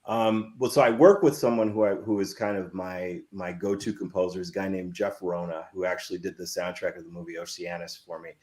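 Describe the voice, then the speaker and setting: A man in his fifties, a filmmaker guest telling stories in a casual interview, animated and rambling with many restarts. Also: low voice, fairly quick, hardly any pauses.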